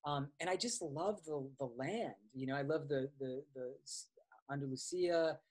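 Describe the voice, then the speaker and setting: Relaxed man explaining astrology. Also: on the high side, normal speed. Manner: conversational, many fillers and restarts. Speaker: astrology teacher. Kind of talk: casual explanatory lecture.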